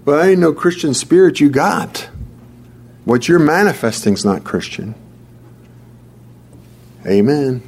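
A man's voice: on the high side, very animated, takes it slowly, long pauses, a little mellow, breathy edge. A man preaching a sermon, emphatic and repetitive, often restarting his words. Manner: emphatic, repeats key phrases, stammering restarts.

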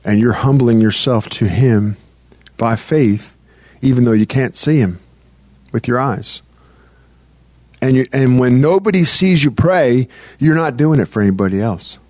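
A man preaching a sermon in a loose, conversational way, often repeating phrases and restarting sentences, and reading scripture slowly. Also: medium pitch, animated, a little mellow, no room sound.

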